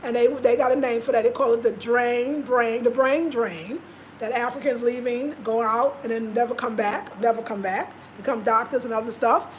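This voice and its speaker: A woman's voice: on the high side, steady tone, normal speed, slight background noise. A woman vlogger talking casually and passionately, repeating her points for emphasis. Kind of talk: casual live-stream talk.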